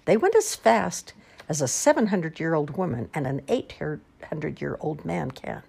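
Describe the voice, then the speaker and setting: A woman reading children's picture books aloud in an expressive, sing-song storytelling manner. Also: deep voice, moderate pace, vocal fry, breathy edge.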